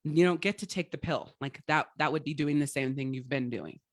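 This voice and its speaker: Woman life coach giving a blunt, rough-talking pep talk in a dry, dead room. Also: sits low, brisk, no room sound. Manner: blunt, profane and emphatic; rambling, with frequent restarts. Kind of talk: motivational livestream talk.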